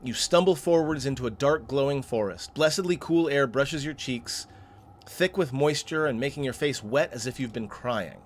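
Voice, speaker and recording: A man's voice: medium pitch, moderate pace, a little hiss or hum. A man hosting a game playthrough, reading the story text aloud and breaking off for chatty asides. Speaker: let's play host.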